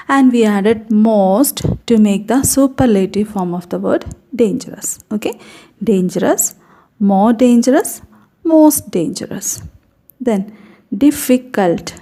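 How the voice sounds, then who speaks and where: A woman's voice: on the high side, mellow. A woman teaching an English grammar lesson, patiently repeating example words and checking in with "okay" as she explains.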